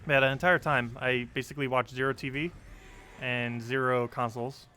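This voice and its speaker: A man's voice: mid-range voice, flat delivery, moderate pace, sharp tone. A young man chatting casually on a game live stream, reading chat and laughing often.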